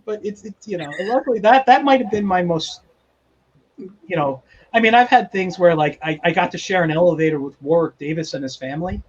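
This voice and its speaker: A man's voice: high voice, brisk, lo-fi sound. A man in his forties, a guest artist, telling a story in casual chat and acting out the people in it. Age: 40s. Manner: animated, acts out quoted voices.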